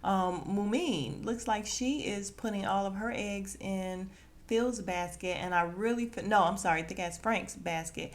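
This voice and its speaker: A woman hosting a podcast, recapping a reality dating show in a sassy, animated way. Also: medium pitch, unhurried. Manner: sassy, animated, quotes cast members with attitude. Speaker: podcast host.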